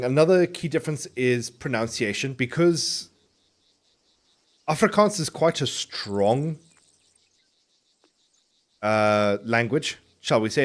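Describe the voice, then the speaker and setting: Rambling, swearing male game streamer. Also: mid-range voice. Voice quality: clearly enunciated. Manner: rambling, swearing, many restarts. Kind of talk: casual chat while streaming a game.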